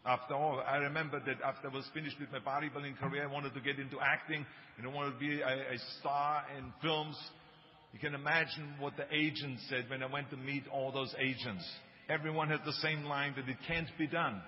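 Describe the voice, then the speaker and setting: A man's voice: medium pitch, fairly even intonation, brisk. A man in his sixties with a German accent, giving a motivational speech with emphatic storytelling and joking asides. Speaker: speaker. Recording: dull, reverberant hall recording with faint noise.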